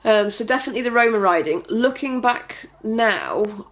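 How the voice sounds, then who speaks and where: A woman's voice: on the high side, lively intonation, normal speed. A woman guest telling her story in a casual interview, chatty and rambling, with many fillers and restarts. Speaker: trick rider, podcast guest.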